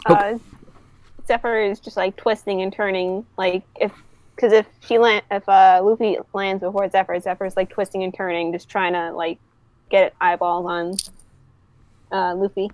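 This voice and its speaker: A woman's voice: medium pitch, little pitch movement, moderate pace, darkish tone. A woman player in a tabletop game, chatting casually and laughing easily.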